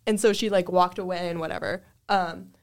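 A woman's voice: fairly low pitch, steady tone, fairly quick. Young woman telling a story, filler-heavy. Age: young adult. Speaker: panelist recalling first jobs. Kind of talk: casual chat.

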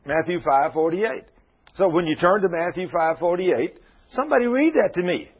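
A man's voice: sits high, animated, moderate pace, slightly rough. A man preaching a sermon in a folksy, conversational way, retelling Bible scenes. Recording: muffled lo-fi radio broadcast.

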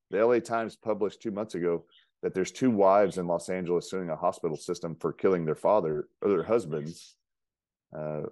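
Casting: deep-voiced American man, emphatic podcast guest, dry close mic. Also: a little mellow, no room sound. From United States. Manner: emphatic, with frequent fillers and quoted dialogue. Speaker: interview guest, chiropractor. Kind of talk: casual storytelling in a podcast interview.

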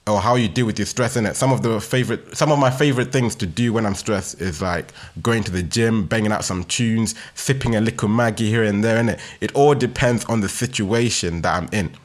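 A man's voice: lowish voice, fairly quick, hardly any pauses. A young man with a London street accent talking casually on his solo podcast, laid-back and slangy, ending nearly every sentence with "innit". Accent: London, Multicultural London English. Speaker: podcast host.

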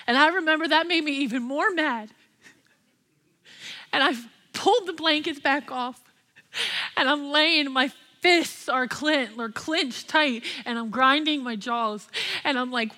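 A woman's voice: high-pitched, measured pace, bright, forceful tone. A young woman pastor and worship leader giving an impassioned, candid sermon with personal testimony.

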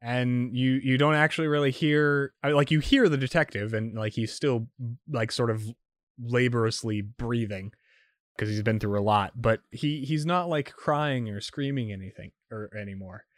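A man's voice: medium pitch, moderate pace, no echo, studio quality. A man narrating as game master for a tabletop game, rambling with many fillers and restarts.

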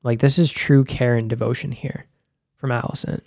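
A man hosting a podcast, rambling through an episode recap in loose, casual commentary with lots of "like" and restarts. His voice sits at a middle pitch, and the recording is dry and close. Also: fairly even intonation, moderate pace, vocal fry, darkish tone, dry recording. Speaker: podcast host.

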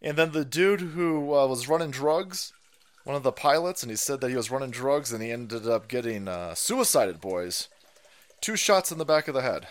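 A man hosting a ranting political livestream, loud and mocking, laughing often and mimicking other people's voices. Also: mid-range voice, expressive, normal speed. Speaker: livestream host.

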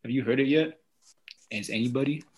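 A man's voice: medium pitch, a little fast, darkish tone. Playful man hyping new music. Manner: playful, teasing, hypes up music. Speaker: podcast co-host. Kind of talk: casual chat.

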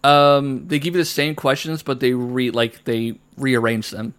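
A man's voice: medium pitch, level tone, unhurried, fairly bright tone, clear, resonant tone. A young American man from Florida hosting a podcast, chatting casually, laughing often and slipping into joking voices. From Florida, United States. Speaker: podcast host. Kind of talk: casual chat.

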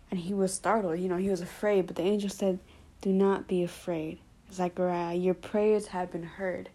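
A woman's voice: medium pitch, mellow. A woman casually retelling a Bible story in her own words, full of informal fillers. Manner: informal, with frequent "basically", "like" and "you know". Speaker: Bible study presenter.

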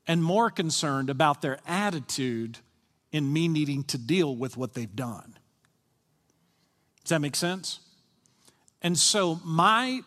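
A male senior pastor gives a conversational sermon in a fairly high voice. He often checks in with the congregation with questions. His voice rings with the long reverb of a church sanctuary. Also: a bit bright.

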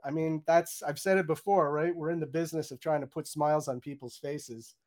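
A man's voice: on the high side, steady tone, a little mellow. A middle-aged man, a game audio director, chatting in an interview and acting out his own reactions in quoted lines. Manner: fast, chatty, many "you know"s and restarts. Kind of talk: candid interview storytelling.

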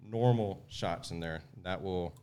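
A man's voice: low-pitched, unhurried, dark tone, clean tone. A man, a podcast host chatting casually and explaining a cocktail step by step. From Southeast Texas.

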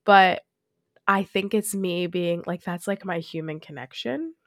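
In another stretch of her casual solo show, the young host rambles, laughs a lot, and fills her talk with "like." Her voice runs lowish and unhurried, captured in clean studio sound without echo.

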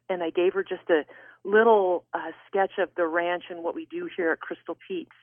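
A woman guest author telling a personal story in an interview, animated and expressive. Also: lowish voice, normal speed. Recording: tinny phone line.

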